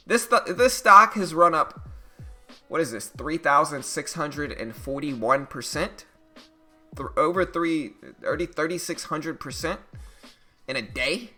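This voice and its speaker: A man hosting a casual day-trading live stream, reading market news and reacting to stocks in a chatty, animated way. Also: mid-range voice.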